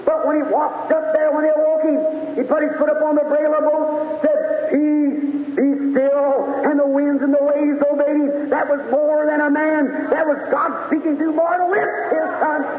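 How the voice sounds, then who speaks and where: A man in his forties delivers a fervent, folksy sermon in a very high voice. The sound is thin and phone-like, with a long echo from a large church hall. A faint hiss sits under the old 1950s tape. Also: little pitch movement, normal speed. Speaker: evangelist preacher.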